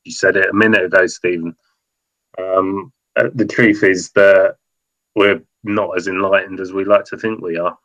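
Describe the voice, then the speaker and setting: A man talking football and politics on a podcast, hesitant and thinking aloud with many pauses. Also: sits low, steady tone, a bit bright, highs cut off. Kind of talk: casual football podcast chat.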